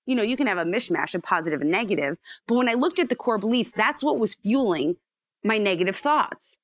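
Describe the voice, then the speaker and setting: A woman psychologist explaining ideas in a lively, chatty way, acting out the inner voices in her stories. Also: medium pitch, fairly quick, no room sound, studio quality. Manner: animated storyteller, acts out inner voices. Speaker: psychologist guest. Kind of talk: casual explanatory chat.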